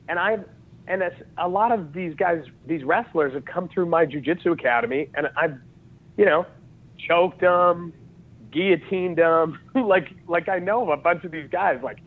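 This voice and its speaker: A Utah man in his thirties, who coaches jiu-jitsu and wrestling, guests on a podcast. His voice is a little high and moderately paced, coming through a tinny phone-like line as he tells stories casually, acting out dialogue and laughing a lot.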